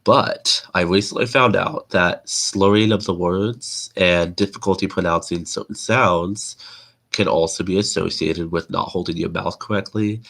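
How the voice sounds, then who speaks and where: A man with a deep, low-set voice that carries a nasal edge. He rambles in a relaxed, chatty way as he hosts his own livestream, circling back with restarts and fillers. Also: gravelly. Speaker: livestream host. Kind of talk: casual rambling livestream talk.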